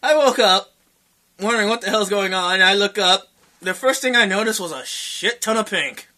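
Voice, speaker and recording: A young man chats on a podcast with a very bright, ringing voice that sits high for a man. He tells a wild story in an animated way, acts out what others said and swears freely. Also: moderate pace. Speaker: podcast co-host. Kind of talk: casual storytelling chat.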